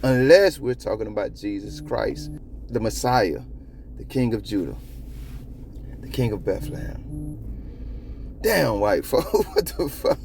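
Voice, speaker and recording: A man hosting a copwatch channel, giving casual commentary in a profane, animated, rambling way. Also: lowish voice, measured pace, vocal fry, long pauses, noisy background. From South Florida.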